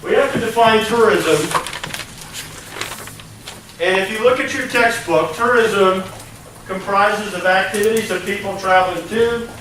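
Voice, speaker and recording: Speaking a little slowly and pausing often, a high-voiced man lectures conversationally to a college class, tacking "okay?" and "right?" onto his points. The lecture room is echoey, the mic is far away, and the background is noisy.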